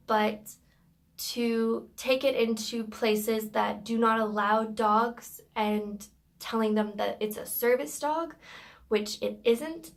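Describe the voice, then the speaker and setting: A woman's voice: a little high, gravelly. A woman telling a story from work in a casual vlog, in a matter-of-fact way with plenty of fillers.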